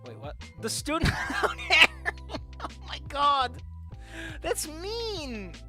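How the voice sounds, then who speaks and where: A streamer reads a visual novel aloud and comments on it, reacting with jokes, animation and loud squeals. The voice is high-pitched and very slow, with faint music in the background.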